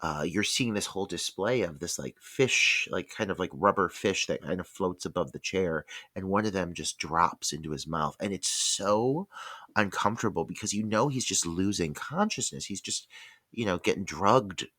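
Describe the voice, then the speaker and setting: A man's voice: low-pitched, moderate pace, bright, forceful tone, no room sound, studio quality. A man co-hosting a horror movie podcast, talking casually and animatedly, full of fillers and swearing. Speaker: podcast co-host.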